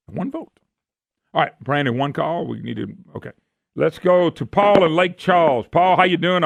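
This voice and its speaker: A man's voice: mid-range voice, gravelly, no room sound, studio quality. A man hosting talk radio, folksy, sarcastic and ranting. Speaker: radio talk show host. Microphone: studio microphone.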